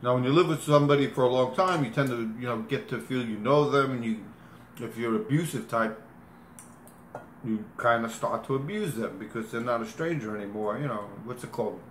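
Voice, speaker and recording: A man being interviewed speaks a little fast in a mid-range voice, casually rambling through a long personal tale, revising his words and miming movements. The recording has a little hiss or hum, and the room is echoey with faint ambience.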